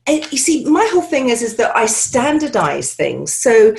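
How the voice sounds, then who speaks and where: A woman's voice: fairly high pitch, very animated, normal speed, gravelly, a little mellow. A woman speaking as an accent coach in an interview, chatting loosely with many "you know" fillers, over a video call. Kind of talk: conversational interview answers.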